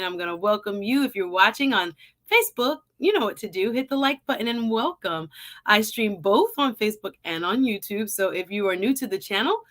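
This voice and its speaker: Livestream host: woman, slight Jamaican accent, chatty, bright and a bit high. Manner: chatty, greets viewers by name. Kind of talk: casual live-stream intro.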